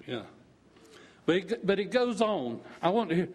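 A man's voice: sits high, sing-song, normal speed, long pauses, a little mellow, husky. An older man giving a fervent preaching testimony in church, rising to emphatic peaks. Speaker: church speaker.

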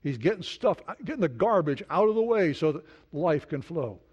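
A man preaching a sermon in an earnest way, dropping to a soft hush when he speaks prayers. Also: on the high side, big pitch swings, normal speed, slightly rough. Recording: dull lo-fi sound.

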